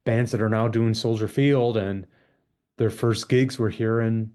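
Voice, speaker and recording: Mellow-voiced eager radio host, a man. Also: lowish voice, fairly even intonation. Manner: eager, chatty, quick to agree. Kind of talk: interview hosting. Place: radio studio.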